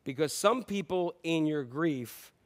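Man, middle-aged, pastor, sermon, higher-pitched voice, conversational storytelling, loud-and-soft delivery. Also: animated, measured pace. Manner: conversational storytelling preaching, swings from loud to quiet.

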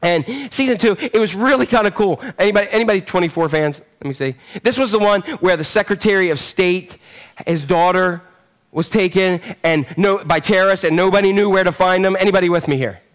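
A man in his forties preaching a sermon in a conversational, rambling way, telling animated stories full of fillers and restarts. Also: sits high, brisk. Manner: animated storytelling. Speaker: pastor.

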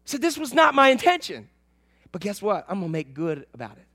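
A man preaching a sermon to his church, swinging between loud emphatic lines and soft, low asides. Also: sing-song, brisk. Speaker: pastor.

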